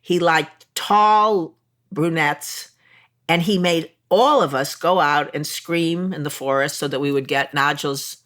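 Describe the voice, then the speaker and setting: A woman's voice: sits low, unhurried, fairly bright tone. An older woman with a Chicago accent, a guest in an interview, speaking frankly and animatedly with self-deprecating humor. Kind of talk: candid interview conversation.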